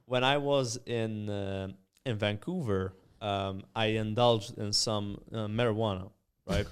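A young man from Malta, a podcast guest telling rambling, animated anecdotes full of fillers. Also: lowish voice, a little slow, smooth. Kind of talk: casual storytelling.

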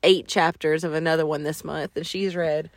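A young woman co-hosting a casual podcast, joking and teasing with quick remarks. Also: low voice, fairly even intonation, a little hiss or hum. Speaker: podcast co-host. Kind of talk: casual chat.

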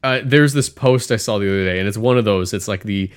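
A man's voice: fairly low pitch, fast, smooth. A man co-hosting a podcast, telling a long rambling story in casual chat and acting out the characters' lines. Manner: rambling storyteller, acts out cartoon voices. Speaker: podcast co-host.

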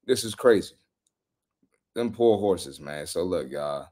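A man hosting a fitness podcast, giving blunt, animated reaction commentary on social media posts with slangy trash talk. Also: low-pitched, measured pace.

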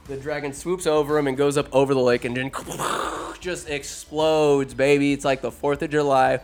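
A man's voice: mid-range voice, fairly even intonation, moderate pace. A man retelling a movie in a loose, crude, joking way, as a comedic host.

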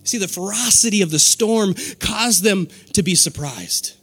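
A man in his forties preaching a sermon, animated, with call-and-response and laughter. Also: high-pitched, unhurried, husky, faint music behind. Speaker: pastor.

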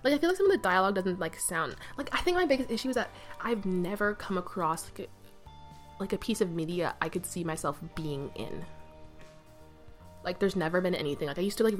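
A woman's voice: lowish voice, lively intonation, fairly quick, soft background music. A young adult woman hosting her own podcast, chatting alone in a rambling, scattered way with many fillers and self-corrections, recorded on her bed with the mic on her knee. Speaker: podcast host. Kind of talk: rambling solo podcast chat. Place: sitting on her bed at home. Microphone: mic balanced on her knee.

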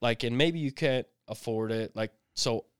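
A man's voice: mid-range voice, measured pace, clean tone, no room sound, clean studio sound. A man co-hosting a podcast, telling a casual story and acting out the voices in it with lots of laughter. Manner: animated, acts out voices, laughs often. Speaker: podcast co-host.

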